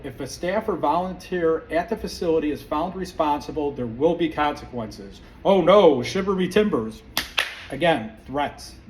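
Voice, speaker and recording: A man's voice: fairly high pitch, slight background noise. A man hosting a podcast, delivering a heated, sarcastic opinion monologue full of restarts. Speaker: podcast host. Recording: distant mic with faint room ambience.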